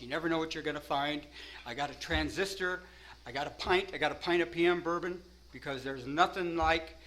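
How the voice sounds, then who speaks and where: A man's voice: on the high side, pushed and bright, poor audio. A man telling a rambling first-person story, peppering it with "you know" and "man" and laughing at himself.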